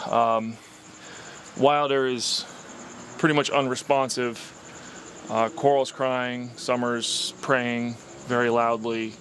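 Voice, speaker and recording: A man's voice: medium pitch, fairly bright tone, slight background noise. A young man, a vlogger, telling an emotional personal story in a rambling way with many fillers.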